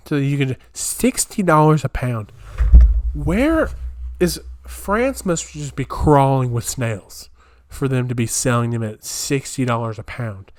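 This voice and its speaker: Recording a solo comedy podcast in a small home room, a young male host speaks expressively and a little slowly at an ordinary middle pitch. He rambles from bit to bit, breaking into incredulous riffs as he reads aloud; the audio is close and dry with no echo.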